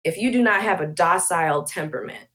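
A woman's voice: on the low side, fairly quick, a bit bright. Passionate, emphatic woman making her point. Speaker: podcast guest. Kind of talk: conversational interview.

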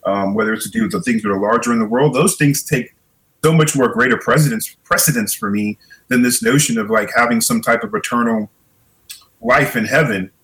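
A man's voice: mid-range voice, fairly quick, fairly bright tone, low-quality recording. A middle-aged man, a podcast guest, talking reflectively in a casual conversation and often repeating words as he thinks.

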